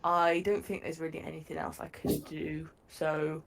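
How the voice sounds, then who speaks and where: A woman playing in a tabletop game, measured and matter-of-fact as she explains her move. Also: sits low, little pitch movement, gravelly, a little hiss or hum. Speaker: player. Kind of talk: casual tabletop game chat.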